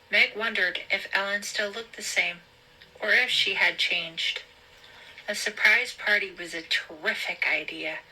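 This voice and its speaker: A woman hosting a show, reading a thriller novel aloud in a slow, deliberate storybook style. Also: fairly low pitch, sharp tone, low-quality recording.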